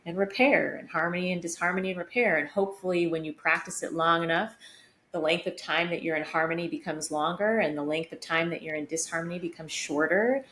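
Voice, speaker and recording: Woman co-host, lowish voice, candid reflective storyteller; echoey home room with faint noise. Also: a little fast, a bit bright. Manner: reflective, open, uses many fillers like "like". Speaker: podcast co-host. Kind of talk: casual conversational storytelling. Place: home room, vacuum running outside the door.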